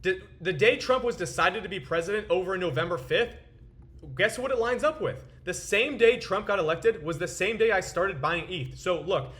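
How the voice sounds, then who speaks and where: A man's voice: fairly high pitch, fairly bright tone. A young man hosting his own crypto trading channel, ranting to camera in profane, boastful market commentary with a frustrated edge. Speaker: crypto trader and video host.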